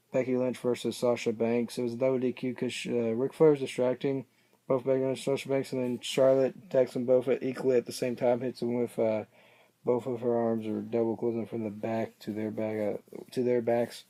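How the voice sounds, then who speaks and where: A man's voice: mid-range voice, warm tone. A man casually recapping a show, rambling and hesitant, often losing his place mid-sentence. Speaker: wrestling reaction vlogger.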